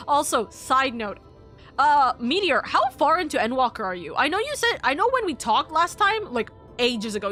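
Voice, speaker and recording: A woman's voice: fairly high pitch, pushed and bright. A young woman streaming a story game, gushing and emotional as she talks, rambling through restarts. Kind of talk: casual live-stream commentary.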